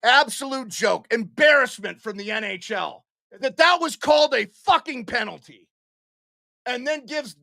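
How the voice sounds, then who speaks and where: Ranting man, high and gravelly. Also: animated, a little slow, no room sound, clean studio sound. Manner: ranting, profane, frequently shouting. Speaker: live stream host. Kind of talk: angry live hockey commentary.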